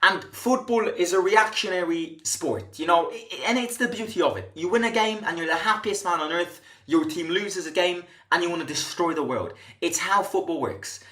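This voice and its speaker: A man's voice: high-pitched, moderate pace, few pauses, bright, forceful tone. A man hosting a football fan channel, delivering an impassioned commentary rant full of emphatic rhetorical questions and frequent restarts. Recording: echoey room.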